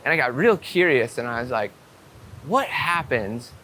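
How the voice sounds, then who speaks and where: A man vlogging outdoors, telling a story to the camera in an eager rush and swearing freely. His voice is bright and forward, and faint street noise runs under it. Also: medium pitch, moderate pace. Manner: excitable, swearing storyteller with many "I'm like" quotes. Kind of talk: casual talk to camera.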